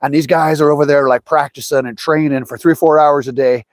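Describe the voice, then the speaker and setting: A man's voice: a little high, fairly quick, dry recording. A middle-aged man hosting a fishing livestream, telling rambling, anecdotal stories in a casual chat. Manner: rambling and anecdotal, lively voices for quotes.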